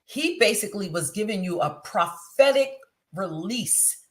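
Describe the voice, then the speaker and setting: A woman hosting an interview, reflecting on a guest's story with faith-based commentary and speaking in a measured way, restarting phrases as she frames her point. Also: medium pitch, lively intonation, a bit bright. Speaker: interview host.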